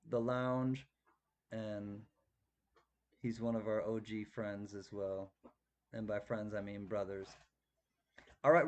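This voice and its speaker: A man running a live-stream coin auction, chatty and thanking bidders by name. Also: medium pitch.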